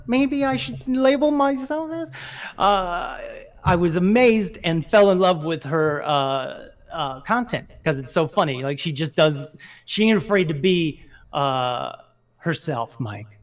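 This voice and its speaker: A man co-hosting a casual podcast chat, animated and laughing often. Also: a little high, a little slow. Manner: animated, laughs often, slips into put-on voices. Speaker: podcast co-host.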